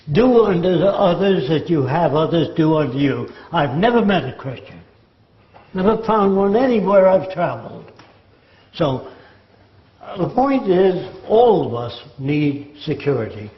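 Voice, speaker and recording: An older man giving a lecture-style talk, sardonic and mocking as he mimics quotes. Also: fairly high pitch. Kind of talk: lecture monologue. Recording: echoey room, dull lo-fi sound.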